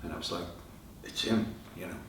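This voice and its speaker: A middle-aged man, a rock singer, telling lively stories in an interview and acting out the voices of the people in them. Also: low voice, a little fast. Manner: animated anecdotes, acting out quoted dialogue. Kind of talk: storytelling interview answers. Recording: echoey room, from far off, faint noise.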